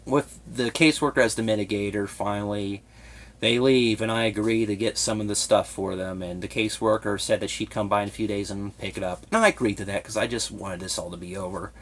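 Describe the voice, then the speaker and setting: A young man with a slightly low-pitched voice speaks in a confessional vlog. He sounds timid and emotionally raw. He stumbles, breaks off and restarts his sentences as he goes. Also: fairly even intonation, a bit bright. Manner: hesitant, halting storytelling with many restarts. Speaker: vlogger.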